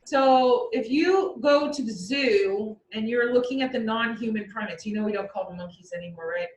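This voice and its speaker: A woman chatting casually and explaining animal behavior, acting out the animals' thoughts in lively asides. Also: fairly high pitch, moderate pace. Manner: lively, acts out animals' inner voices. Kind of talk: casual chat. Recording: roomy echo, far from the mic, faint background noise.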